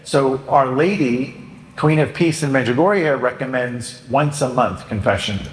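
A man, a Catholic priest, giving a humorous homily in a joking, animated way, now and then acting out penitents' voices. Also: medium pitch, unhurried. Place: church. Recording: echoey church hall.

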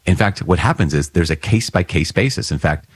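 A man with a deep, slightly husky voice gives an earnest Bible reflection in a relaxed, conversational way. He explains the reading like a patient teacher and often checks that his listeners are following. The recording is close and dry, with no room sound. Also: brisk, dry recording. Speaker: priest.

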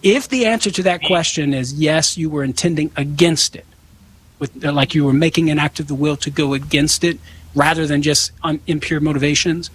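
Man, higher voice, earnest explainer, call-in radio answers, faint noise behind. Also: fairly even intonation, a little fast, fairly bright tone, rough recording. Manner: earnest, explanatory, acts out example dialogue. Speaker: radio show guest expert answering callers.

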